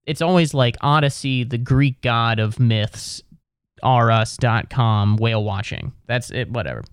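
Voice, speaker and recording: A man's voice: mid-range voice, unhurried, clean tone, dry recording. Exasperated man riffing stand-up, profane, dry mic. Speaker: comedian. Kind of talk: stand-up comedy monologue.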